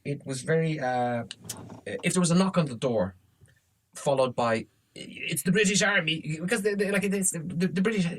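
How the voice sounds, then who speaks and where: A man's voice: fairly high pitch, normal speed. A man co-hosting a podcast, telling funny anecdotes in casual chat and swearing often. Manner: animated anecdotes, heavy swearing. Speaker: podcast co-host.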